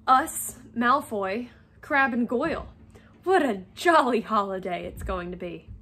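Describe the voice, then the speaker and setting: A man's voice: very high voice, animated, a little slow, pushed and bright, exaggerated voice. Woman reading as a sardonic schoolboy wizard Ron. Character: boy wizard Ron, gloomy and knowing.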